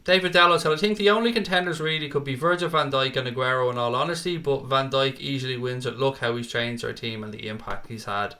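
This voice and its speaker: A man's voice: medium pitch, fast, few pauses, pushed and bright. A young man hosts a casual football live stream, reading out viewer comments and calling people mate and pal.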